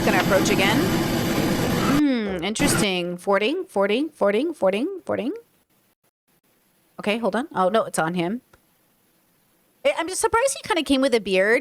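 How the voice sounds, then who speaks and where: A woman hosting casual commentary on courtroom footage, blunt and sarcastic, thinking aloud. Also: a little high. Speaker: host commenting on trial footage.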